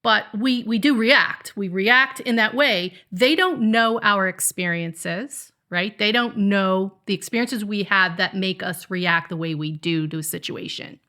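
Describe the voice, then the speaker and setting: A woman's voice: mid-range voice, a little slow, hardly any pauses, pushed and bright. A middle-aged mother co-hosting a podcast, giving emphatic life advice in a lecturing tone. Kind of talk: casual podcast chat.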